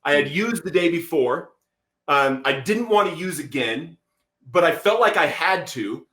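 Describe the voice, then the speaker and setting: A man telling his life story as a podcast guest, animated, acting out quotes and saying "bro" a lot. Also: fairly high pitch, a little slow, reverberant. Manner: animated, acts out quotes, says "bro" often. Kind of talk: storytelling testimony.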